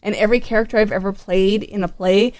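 A Canadian woman in a podcast conversation, lively and laughing as she tells stories, with a dry sound. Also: medium pitch, fast, no room sound. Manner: animated storyteller, frequent restarts and laughter. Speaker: podcast guest. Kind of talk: casual conversation. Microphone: Skype call.

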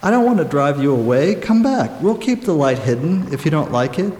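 A gruff, plain-spoken fisherman with a blunt, rough way of putting things, as a male reader plays him, a little higher than the narrating voice. It rings through an echoey room with a long tail of reverb and a faint hiss. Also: very animated, brisk, a little mellow. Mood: urgent.

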